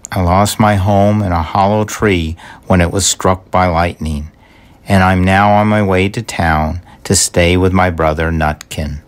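A man's voice: deep voice, steady tone, measured pace. A man voicing a polite, apologetic male squirrel in a storybook reading.

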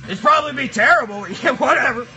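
A shrill, piercing cardboard box monster, hollering crude jokes at his live chat. Bright, strained squeals that climb very high, with faint music playing behind. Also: fast talker, exaggerated voice. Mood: rowdy. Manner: shouty, crude, rambling banter with chat. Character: rowdy foul-mouthed cardboard box monster. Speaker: live streamer. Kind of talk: live stream puppet character chat.

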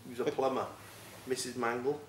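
A man's voice: medium pitch, level tone, brisk, recorded from a distance. A man with a mid-range voice, casually explaining something to his housemates. He sounds away from the mic in an echoey room, with faint background noise. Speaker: reality show contestant. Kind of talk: late-night banter among housemates.

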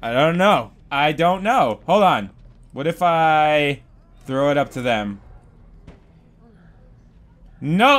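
Male let's-play host with a high voice and an unhurried pace, jumping between low mutters and sudden yelled outbursts. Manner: excitable, swings from mumbling to shouting, swears. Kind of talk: gaming commentary.

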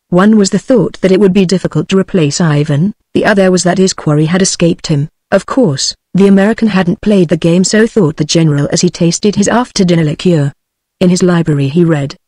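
A woman's voice: on the low side, no room sound. A text-to-speech woman's voice with a British accent narrating an audiobook, reading evenly. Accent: British English. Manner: even synthetic reading. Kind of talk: scripted narration. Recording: dry close text-to-speech.

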